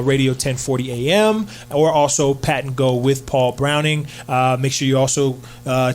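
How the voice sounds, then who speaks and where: A man hosting a casual sports radio show in a studio, upbeat and filler-heavy, hyping up his co-hosts. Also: fairly high pitch. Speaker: sports talk show host.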